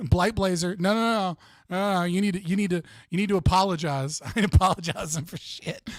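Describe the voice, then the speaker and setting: A man's voice: sits high, normal speed, dry recording, clean studio sound. An American man hosting a casual livestream, joking and rambling with frequent laughs. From United States. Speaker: streamer and debate host.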